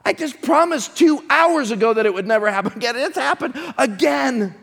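A man preaching a sermon, swinging between shouted appeals and hushed, whispered prayers. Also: very high voice, lively intonation, moderate pace, vocal fry, in a large hall.

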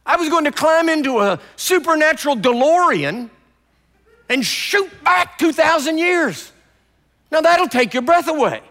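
An older male pastor tells stories through a sermon in a high-pitched voice at a measured pace. He swings animatedly between quiet asides and loud outbursts, and a large sanctuary gives his voice a long reverb.

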